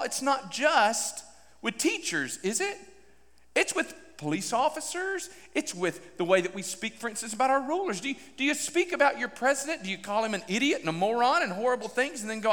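Animated high-voiced pastor in a reverberant hall. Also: male voice. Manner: animated, direct questions to the congregation. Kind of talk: sermon.

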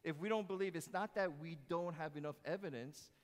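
A fairly quick-speaking male pastor preaches animatedly in a church sanctuary, moving between loud emphasis and quiet, low phrases. He questions the congregation and jokes with them, all under a long hall reverb.

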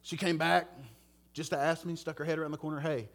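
Earnest preaching man, higher-pitched voice. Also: flat delivery, fast talker, a bit bright. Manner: conversational, earnest, direct questions to listeners. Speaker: pastor. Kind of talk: sermon with personal story.

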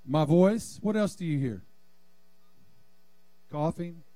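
A man with a high-pitched voice preaching in a church sanctuary. He delivers a fervent sermon and keeps calling on the congregation to answer back. The sound is close and dry, with little room echo. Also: expressive, takes it slowly, mellow. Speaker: pastor.

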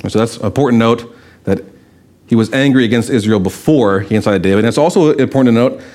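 A man's voice: medium pitch, fast, a little mellow. A man preaching a sermon in a conversational way, asking rhetorical questions and telling stories. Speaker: pastor.

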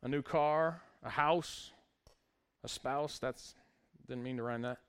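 A man's voice: medium pitch, slow, smooth. A male pastor preaching a sermon, reading scripture aloud with wry, conversational asides to the congregation.

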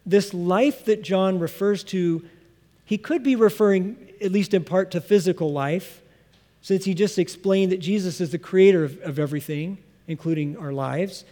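A man pastor preaching an expository sermon, earnest and emphatic, slowing down to stress key phrases. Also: high-pitched, warm tone, long reverb tail.

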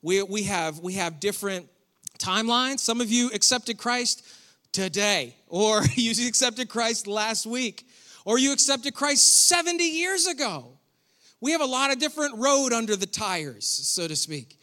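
A man's voice: extremely high pitch, lively intonation, unhurried, pushed and bright, long reverb tail. A man preaching a sermon as pastor in a church, conversational and joking, with sarcastic asides. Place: church hall.

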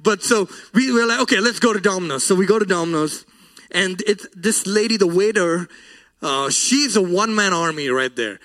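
Very high-voiced earnest male preacher. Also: lively intonation, normal speed, a bit bright. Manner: earnest, emotional, voice often breaking. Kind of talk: sermon with personal story.

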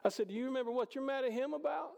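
Man preaching, high voice, gravelly, conversational, loud then hushed, reverberant hall. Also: racing. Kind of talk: sermon.

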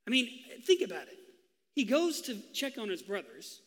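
A male pastor delivers a sermon, telling the story with lively, acted-out quotes. His voice sits high and bright. A long reverb trails behind him, as in a big hall. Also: normal speed.

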